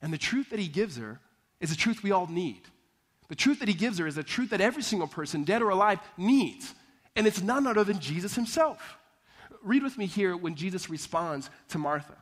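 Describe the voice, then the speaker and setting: A male pastor preaching a sermon, telling lively stories with laughter and acting out both sides of a conversation. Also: high voice, a little fast. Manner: animated storytelling, acting out dialogue, laughing often. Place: church.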